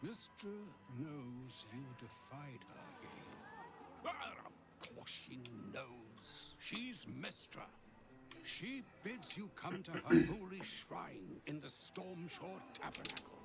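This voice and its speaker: An ancient male wizard from a video game, a cryptic mentor with a gravelly, unhurried voice. His pitch sits a little high and swoops widely as he counsels, while clear game music plays underneath. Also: sing-song, full character voice. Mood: solemn counsel. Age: older. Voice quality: gravelly, measured. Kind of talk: game voice acting.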